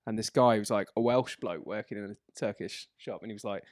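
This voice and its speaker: A man's voice: lowish voice, fairly quick, a little mellow, dry recording, studio quality. A man, a podcast guest, telling funny stories in a casual chat. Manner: laughing storyteller, swears freely.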